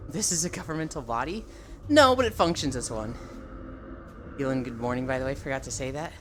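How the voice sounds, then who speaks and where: A woman streamer chatting casually with her live chat, teasing viewers and telling animated stories. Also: extremely low pitch, a little fast, music in the background. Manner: animated storytelling with laughter.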